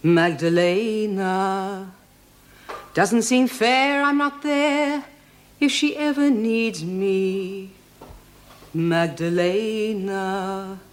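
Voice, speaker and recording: A woman's voice: mid-range voice, very slow, soft background music. An actress playing a mournful woman prisoner who sings a sad folk ballad in a drama series clip.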